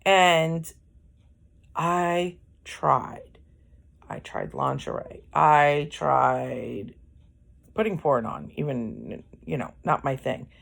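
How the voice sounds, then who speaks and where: A woman's voice: sits low, extremely slow, vocal fry. A middle-aged woman talking candidly in a casual personal monologue, speaking to viewers about relationships. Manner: candid, conversational, acts out quoted dialogue. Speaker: host.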